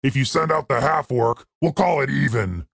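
Man doing a raspy, taunting thug. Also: medium pitch, animated, normal speed, dry recording, clean studio sound. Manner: mocking, taunting. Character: taunting young male thug leader.

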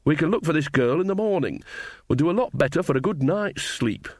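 A cheerful, earthy old witch woman, coarse and jolly, her lines lifted high and lively, as a male reader puts her on. The recording is close and dry. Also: a little fast, dry recording.

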